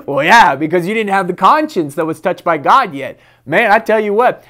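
A man's voice: high-pitched, very animated, normal speed, fairly bright tone. Male pastor, devotional sermon, emphatic and conversational, reads scripture, laughs at his own stories. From United States.

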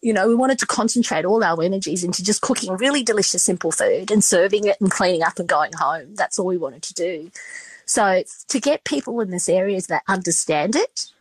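A woman's voice: medium pitch, expressive, a little fast, husky, no room sound. A woman, a restaurant owner telling stories in a casual podcast interview, chatty and full of fillers. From Australia. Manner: chatty, emotional storytelling with many fillers.

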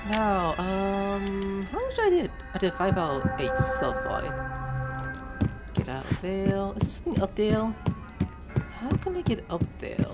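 Man, gameplay commentary, lively swooping voice, spells out words, game music behind. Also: high voice, a little slow. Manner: reads game text aloud and spells words letter by letter; exclaims in surprise and swears. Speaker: gameplay streamer. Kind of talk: casual let's-play commentary.

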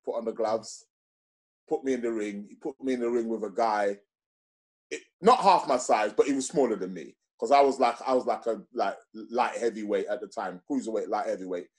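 A man's voice: on the low side, brisk. A man, a guest telling a casual story, rambling with many fillers and restarts.

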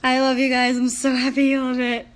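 Bubbly high-voiced young woman livestreaming. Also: monotone, a little fast. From San Antonio, Texas. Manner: bubbly and gushing, laughs often. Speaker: singer talking to fans on a phone livestream. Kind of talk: casual livestream chat. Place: her room at night. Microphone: phone. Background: music playing in the background.

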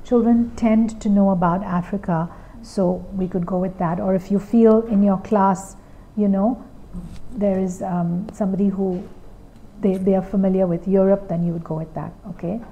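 Patient woman trainer with a warm, mellow voice. She explains step by step and keeps checking in with her listeners. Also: mid-range voice, steady tone, moderate pace, dull audio, a little hiss or hum. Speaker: Montessori teacher trainer. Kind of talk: instructional talk to trainee teachers.

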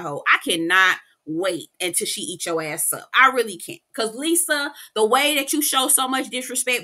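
A woman's voice: mid-range voice, bright, forceful tone. A young woman giving a casual, profane, slangy recap of a reality show episode. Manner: sassy, profane, slangy storytelling. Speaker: TV recap reviewer.

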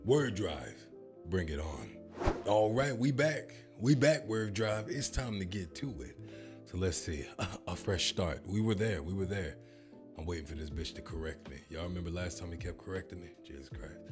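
A man filming a comedic reaction vlog, joking and swearing as he tries a language app. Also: lowish voice. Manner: jokey, swears, bursts into mock announcer voice.

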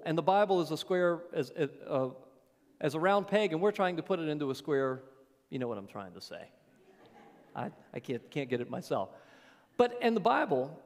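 A man preaching a sermon as pastor, telling stories in a folksy way and swinging from quiet asides to raised emphasis. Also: high-pitched. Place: church sanctuary. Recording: long hall reverb.

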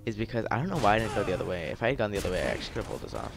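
A man's voice: lowish voice, big pitch swings, rapid-fire, gravelly. A teenage boy rambling in casual gameplay commentary, full of fillers and frustrated ranting. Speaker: gaming YouTuber.

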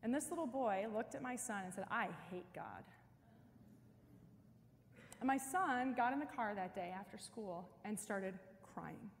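A woman's voice: on the high side, animated, moderate pace, few pauses, slight background noise. A middle-aged woman giving a parish mission talk in a chatty, storytelling way with frequent casual fillers. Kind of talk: conversational church talk. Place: church. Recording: long reverb of a large church.

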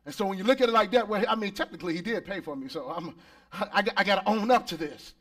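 A man preaching a lively sermon as pastor at a church service, rising to shouts and calling out for responses from the congregation. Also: high voice, quick pace.

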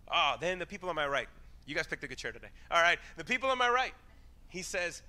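Animated high-voiced male preacher. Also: fast. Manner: lively, conversational, acts out quoted voices. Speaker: pastor. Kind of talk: sermon.

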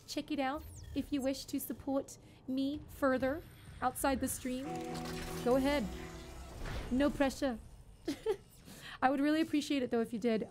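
A woman's voice: high voice, a little mellow. A woman streaming a game live, commentating with panicky outbursts and swearing, and chatting with her viewers between fights. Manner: chatty, thanks and talks to viewers.

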